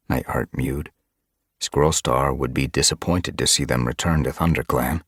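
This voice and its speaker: A man reading a storybook aloud as narrator, steady and unhurried. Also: very deep voice, creaky, breathy edge, no room sound, studio quality. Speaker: audiobook reader. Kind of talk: audiobook narration.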